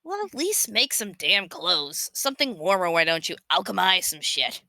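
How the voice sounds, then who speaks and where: A woman reading the lines of a crude, deadpan, too-cool teenage boy during a comic read-through with friends, in a dry room. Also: lowish voice, moderate pace, dry recording, full character voice, poor audio.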